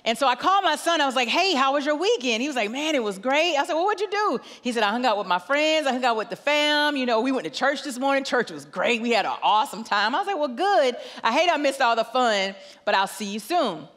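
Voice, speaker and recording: A middle-aged woman preaches in a large church. Her voice sits high, and she acts out family dialogue with lively storytelling. A long reverb trails each phrase through the hall. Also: fast, few pauses. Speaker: guest pastor. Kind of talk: sermon with storytelling.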